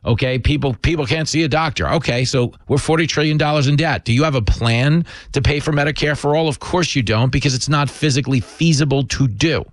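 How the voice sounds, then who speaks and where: Male show host, sharp mocking political takes, medium pitch, dry sound. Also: brisk, hardly any pauses, no echo. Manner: sarcastic, mocking asides. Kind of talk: opinionated political commentary.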